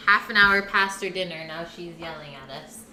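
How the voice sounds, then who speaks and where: A woman's voice: lowish voice, normal speed, bright, forceful tone, echoey room, slight background noise. A woman hosting a live cooking stream, chatting casually with her viewers and her partner while she cooks. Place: home kitchen.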